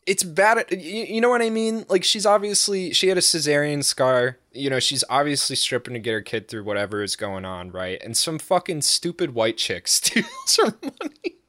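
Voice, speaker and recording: A man's voice: a little high, huge pitch swings, moderate pace, hardly any pauses, sharp tone, no room sound, clean studio sound. A young man tells a rambling, profane anecdote in casual podcast talk, full of fillers and "right?" tags, and he keeps breaking into laughter. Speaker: storyteller.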